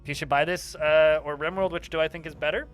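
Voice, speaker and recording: A man's voice: fairly high pitch, steady tone, fast, a bit bright, soft background music. A man streaming a game, casually telling a rambling anecdote full of fillers. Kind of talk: casual storytelling while playing a game.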